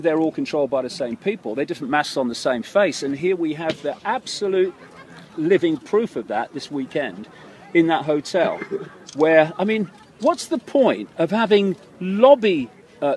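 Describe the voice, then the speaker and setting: A man's voice: on the high side, darkish tone. A man talking in an impassioned, emphatic way, with fillers and restarts, in an interview.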